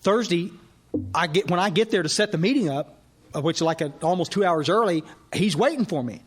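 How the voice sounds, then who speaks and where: A man, speaking at a recovery workshop as an animated storyteller who acts out the dialogue. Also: high voice, a little fast, slightly rough. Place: workshop hall.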